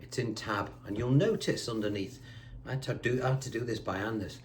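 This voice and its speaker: A man's voice: mid-range voice, fairly quick, slight background noise. A man teaching a guitar lesson, chatty and reassuring, counting notes aloud while seated indoors. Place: indoors, seated on a squeaky chair.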